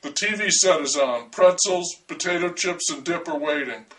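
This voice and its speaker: A man reads a first-person story aloud with dry, wry humor. His voice sits a little high for a man. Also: moderate pace, fairly bright tone, distant mic, poor audio.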